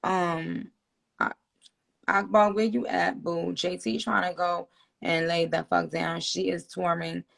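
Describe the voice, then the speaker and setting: Gravelly, husky-voiced woman host. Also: lowish voice, little pitch movement, slow pace, a bit bright. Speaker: host of the livestream. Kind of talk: casual livestream chat. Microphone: phone.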